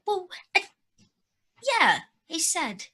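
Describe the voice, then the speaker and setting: A woman's voice: very high voice, sing-song, takes it slowly, sharp tone. A woman playing her character in a tabletop game, hesitant and stammering yet eager. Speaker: player. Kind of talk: in-character tabletop role-play.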